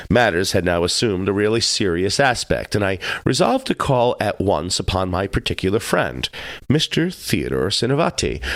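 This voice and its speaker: A man narrating a classic tale in a measured, wry storytelling manner. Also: low-pitched, fairly bright tone, no room sound. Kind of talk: audiobook reading of a classic tale.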